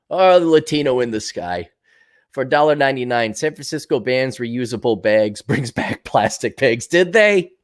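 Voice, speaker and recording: A man hosting his own show, talking bluntly and profanely in a casual monologue and acting out the voices of people he quotes. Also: medium pitch. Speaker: podcast host answering viewer comments.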